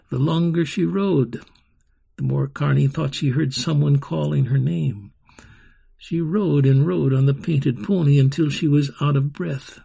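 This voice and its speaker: A man reading a story aloud as scripted narration, slow and dramatic. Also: fairly high pitch, gravelly, mellow, breathy edge. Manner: slow, dramatic storytelling with sung-out carnival sounds.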